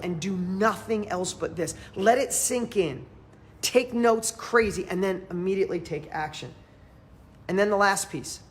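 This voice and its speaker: A man coaching a live audience in a motivational training, emphatic and fervent, repeating phrases for emphasis and swinging between loud and quiet. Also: sits high, a little hiss or hum. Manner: fervent, emphatic, pep-talk delivery.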